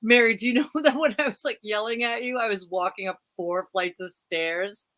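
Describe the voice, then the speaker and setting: A woman's voice: mid-range voice, normal speed, background noise. A middle-aged woman co-hosting a casual live chat, telling stories animatedly with frequent laughs. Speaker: co-host.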